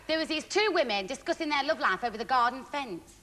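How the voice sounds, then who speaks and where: A woman's voice: high voice, lively intonation, fast. A woman guest on a TV variety show, telling rude jokes and giggling through them. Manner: giggly, breaks into laughter mid-joke. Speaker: comedy guest. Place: TV studio with live audience. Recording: studio hall with loud audience laughter.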